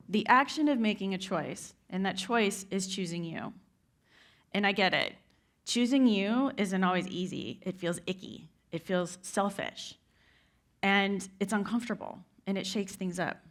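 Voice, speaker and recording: Woman giving a heartfelt motivational talk on stage, talks right to the crowd. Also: medium pitch. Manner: heartfelt storytelling, addresses the audience directly. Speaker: keynote speaker. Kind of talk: inspirational speech. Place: event stage before a live audience.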